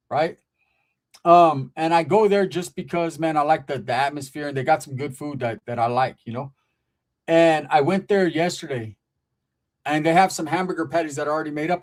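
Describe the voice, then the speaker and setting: A man hosting a casual podcast chat, from Northern California, telling loose, profane stories in street slang. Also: a little high. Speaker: podcast host. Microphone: streaming setup.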